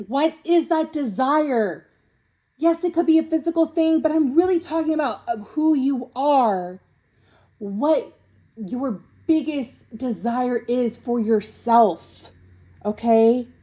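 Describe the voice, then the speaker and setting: A woman's voice: sits high, takes it slowly, mellow. A young woman doing a casual tarot reading to camera, blunt and teasing, who keeps checking in with "okay?". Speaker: tarot reader.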